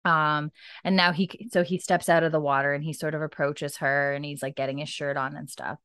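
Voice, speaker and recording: A low-voiced woman hosts a podcast and recaps an episode in loose, rambling chat. She fills her talk with "like" and "um" and often jumps back to fix what she just said. The sound is close and dry, with no room echo. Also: flat delivery, fairly quick, a bit bright, clean tone. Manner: chatty, rambling, full of "like" and "um". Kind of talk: casual chat.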